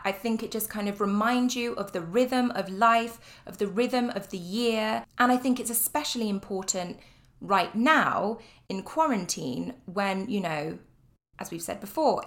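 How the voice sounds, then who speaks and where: A woman's voice: medium pitch, fairly bright tone. Chatty young British woman hosting a podcast. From United Kingdom. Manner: chatty and upbeat, with frequent fillers and light laughs. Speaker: podcast host. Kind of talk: casual solo podcast chat.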